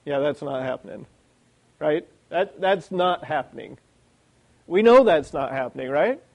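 Lively man preaching a sermon. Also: fairly high pitch, a little slow, gravelly, rough recording. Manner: animated, lots of rhetorical questions.

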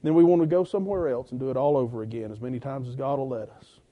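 A man's voice: medium pitch, fast, narrow, tinny audio. A man from Georgia, a preacher telling his church-planting story in a sermon, acting out quoted conversations. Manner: storytelling with many quoted exchanges, rising intensity when quoting others. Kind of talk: sermon testimony.

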